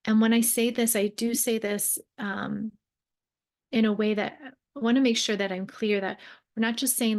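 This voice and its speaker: A woman's voice: on the high side, fairly even intonation, normal speed, darkish tone. A young adult woman hosting a solo podcast, speaking earnestly and conversationally, often rephrasing herself and using fillers as she talks. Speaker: podcast host and mentor. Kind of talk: reflective solo podcast talk.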